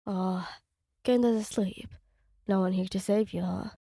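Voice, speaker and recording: A woman's voice: mid-range voice, steady tone, measured pace, gravelly, warm tone, husky, no echo, clean studio sound, voice pushed down. Woman doing a smug teasing teenage boy. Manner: mocking, playful teasing.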